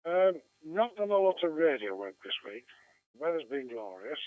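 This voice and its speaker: A man checking into an amateur radio net, hoarse and losing his voice, speaking haltingly and clearing his throat. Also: fairly high pitch, big pitch swings, dry recording, narrow, tinny audio. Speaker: net participant.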